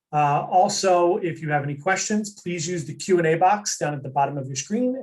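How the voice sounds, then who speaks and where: A man opening an online webinar with housekeeping announcements in a relaxed way. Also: a little high. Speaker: webinar organizer. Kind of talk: casual announcements. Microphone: video call.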